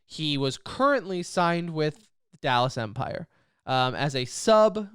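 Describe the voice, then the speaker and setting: A man co-hosting a podcast in casual chat, his voice clear and resonant and pitched a little high. He rambles, restarts his sentences and laughs often. The sound is dry and close. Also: expressive, a little slow, a bit bright, no room sound. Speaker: podcast co-host.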